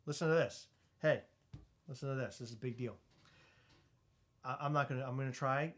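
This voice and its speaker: Man, podcast co-host, casual chat, loud, joking, teasing. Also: mid-range voice, a little fast.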